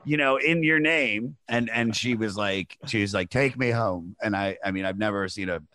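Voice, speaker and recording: A comedian chatting casually on a podcast, telling a rambling, animated anecdote full of fillers. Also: male voice, fairly low pitch, moderate pace, clear, resonant tone, no room sound. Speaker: comedian guest. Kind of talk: casual storytelling chat.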